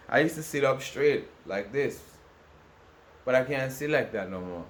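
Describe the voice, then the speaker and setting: A man's voice: mid-range voice, lively intonation, normal speed. A man vlogging to camera in a rambling, repetitive, aggrieved rant with many restarts. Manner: ranting, aggrieved. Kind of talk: casual monologue to camera.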